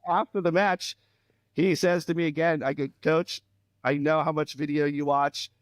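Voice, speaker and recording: Lively storytelling man, fairly high voice. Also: normal speed, dry recording. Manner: animated anecdotes with laughter and acted quotes. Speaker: podcast co-host, former volleyball player. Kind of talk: casual storytelling chat.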